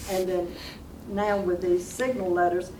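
A woman's voice: fairly low pitch, level tone, unhurried, mellow. A woman student answering in class, hesitant and working things out aloud. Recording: distant mic with background noise.

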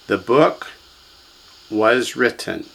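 Man, teacher, classroom lesson, mid-pitched voice, drills and quizzes students. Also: expressive, drawn-out words, creaky, fairly bright tone, low-quality recording. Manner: drills students, has them repeat words, quizzes them. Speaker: language teacher.

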